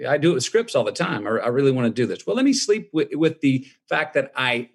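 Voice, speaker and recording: A man in his fifties with a drawl, telling a relaxed personal story in an interview. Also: mid-range voice, fast. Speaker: guest.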